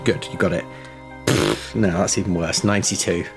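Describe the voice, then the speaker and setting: A man's voice: low-pitched, fairly even intonation, moderate pace. Hesitant man at a gaming table. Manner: hesitant, many fillers. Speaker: player. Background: background music.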